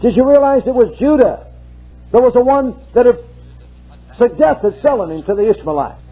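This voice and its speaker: A man's voice: extremely high pitch, animated, normal speed, slightly rough. A man preaching a fervent sermon, breaking in with hallelujahs as he retells a scripture story. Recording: tinny lo-fi archive sermon tape.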